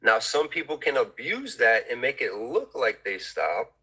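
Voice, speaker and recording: A man on a discussion panel, explaining his view in a measured way. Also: medium pitch, very animated, bright, forceful tone, slightly rough, poor audio. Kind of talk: casual discussion.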